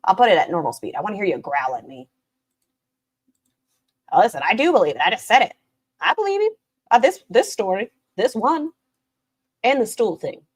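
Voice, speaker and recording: Lively sarcastic woman streamer. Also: mid-range voice, moderate pace, pauses often, slightly rough. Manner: sarcastic, swears freely, swings from loud to muttered. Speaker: commentary streamer. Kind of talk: reaction commentary on clips.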